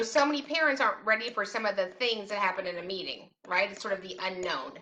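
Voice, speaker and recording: A slightly high, pushed, bright voice belongs to a middle-aged woman who hosts a show about parents' rights. The special education advocate addresses the camera casually, with sarcastic and teasing comments along the way.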